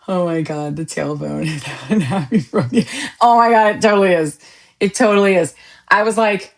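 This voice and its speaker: A woman's voice: fairly low pitch, normal speed. A woman podcast host chatting casually with viewers on a live stream, joking and laughing often. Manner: animated, laughs often, jokey asides.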